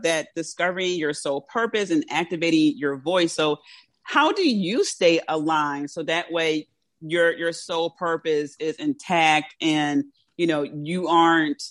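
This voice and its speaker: A woman podcast host from South Philadelphia, with a South Philly accent and a low voice, hosts a casual interview on a dry recording. She's giggly and chatty and laughs often, and her speech is slightly impeded by teeth brackets.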